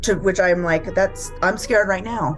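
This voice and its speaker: A woman's voice: medium pitch, measured pace, faint music behind. A woman in an interview, casually telling a story and quoting others, with lots of "like.". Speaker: interviewed homeowner.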